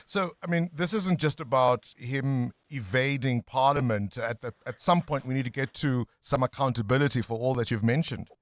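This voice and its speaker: South african radio host guy, pushy questions, dry studio mic, normal pitch. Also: moderate pace, hardly any pauses, no room sound. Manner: probing, presses for accountability. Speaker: radio talk show host. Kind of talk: breakfast radio interview and links.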